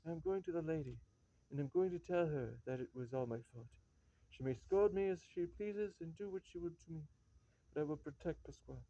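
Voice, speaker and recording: A man's voice: fairly high pitch, a little fast, mellow, dry recording, natural voice. A man playing a chatty, scheming male servant who pleads and wheedles, in a reading of a stage comedy. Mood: pleading. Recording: dull lo-fi recording.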